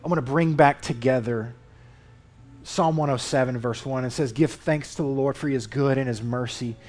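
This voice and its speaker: A man preaching a sermon in a conversational, emphatic way, reading Scripture aloud with animated inflection. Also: medium pitch, moderate pace, faint music behind. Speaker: lay preacher. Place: church.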